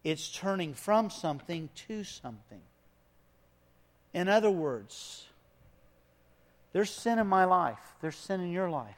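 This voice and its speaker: A man preaching a sermon as pastor, swinging from hushed lines to loud, emphatic ones. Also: high-pitched, animated, takes it slowly, pauses often, long reverb tail.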